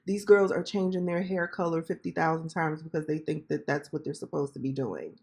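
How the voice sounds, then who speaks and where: A woman hosting a reaction video, commenting casually with emphatic, drawn-out remarks. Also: sits low, gravelly, a little mellow.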